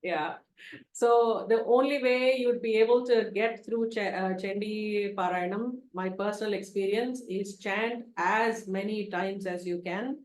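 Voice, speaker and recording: A woman leading an online chanting class, chanting verses slowly syllable by syllable for students to repeat and explaining them in a calm teaching manner. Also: mid-range voice, roomy sound. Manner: slow, deliberate syllable-by-syllable chanting for repetition. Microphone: video call.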